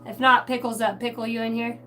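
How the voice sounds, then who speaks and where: A chatty woman reading cards on a live stream, greeting viewers and musing aloud about what she senses. Her voice sits a bit high and comes from a little away from the mic. Music plays clearly behind her. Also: level tone, brisk, bright, forceful tone, distant mic. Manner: clears her throat often. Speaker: tarot card reader on a live stream.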